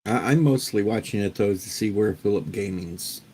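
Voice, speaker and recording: A man hosting a livestream, chatting casually with a guest and his viewers in a relaxed, jokey way and stumbling into his sentences. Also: lowish voice, normal speed, a little hiss or hum. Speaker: livestream host. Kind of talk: casual chat.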